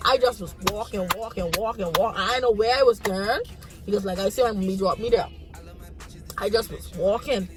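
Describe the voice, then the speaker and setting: A woman's voice: medium pitch, brisk, soft background music. A young woman from the Bahamas with a Bahamian accent, frankly telling a casual storytime and acting out her own reactions. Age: young adult. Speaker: vlogger.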